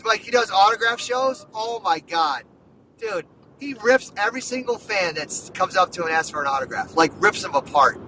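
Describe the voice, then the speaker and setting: A man hosting a casual sports podcast, talking in an excited, rambling way full of "dude" and "like.". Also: high voice, normal speed, distant mic, slight background noise, rough recording. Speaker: podcast host.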